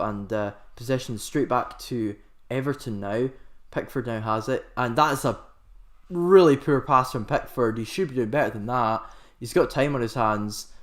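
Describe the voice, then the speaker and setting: Excitable amateur male football commentator. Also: medium pitch. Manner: excitable, rambling, often correcting himself. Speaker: host of a live football watchalong.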